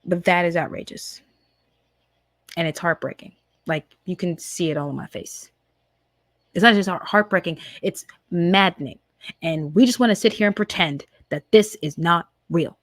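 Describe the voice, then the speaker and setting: A woman's voice: fairly low pitch, normal speed, no room sound, clean studio sound. A woman in her twenties hosting a podcast, giving a heated, emphatic political monologue full of rhetorical questions. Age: 20s. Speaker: podcast host.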